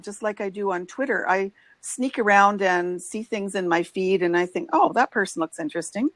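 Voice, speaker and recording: A woman's voice: medium pitch, fairly bright tone, no room sound, low-quality recording. A woman in her sixties, chatting effusively as a guest on a casual video chat. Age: 60s.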